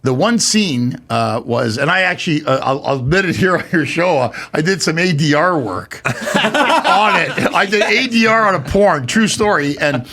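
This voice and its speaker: A comedian from Canada, telling a long anecdote as a guest on a casual podcast, with lots of fillers and restarts. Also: male voice, on the high side, sing-song, moderate pace, bright, forceful tone.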